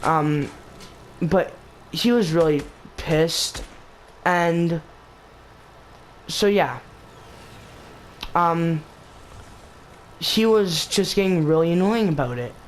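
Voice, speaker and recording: A man's voice: fairly high pitch, drawn-out words, long pauses, a little hiss or hum, low-quality recording. A man hosting a gaming channel, telling a story in a rambling, casual way, full of filler words and restarts. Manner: rambling, filler-heavy retelling with lots of "basically" and "like".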